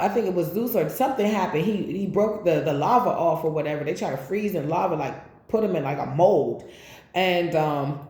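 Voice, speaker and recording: Female tarot reader, casual and preachy, mellow tone, roomy echo. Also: lowish voice. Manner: rambling, animated, preachy asides. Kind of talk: casual spiritual tarot reading.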